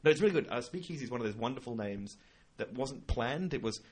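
Fast-talking podcast co-host. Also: male voice, mid-range voice, breathy edge. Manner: animated storyteller, acts out voices, laughs often. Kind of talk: casual chat.

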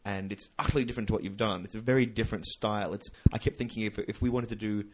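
Fast, lowish male co-host, animated storyteller who acts out voices. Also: slight background noise. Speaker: podcast co-host. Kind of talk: casual chat.

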